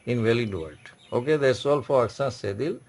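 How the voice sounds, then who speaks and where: Gravelly-voiced man teaching a class. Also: medium pitch, darkish tone. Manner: repetitive, explains slowly with many restarts. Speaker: French teacher. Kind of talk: classroom lecture.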